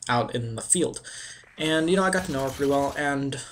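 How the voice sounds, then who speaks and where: A man's voice: mid-range voice, brisk, slight background noise. A man casually telling a personal story on a video, rambling and peppered with "like" and "you know". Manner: animated and swearing in retold bits. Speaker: vlogger.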